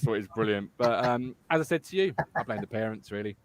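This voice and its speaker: A man's voice: on the low side, lively intonation, fast talker. A man hosting a casual football podcast, chatty and joking and laughing often. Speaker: podcast host.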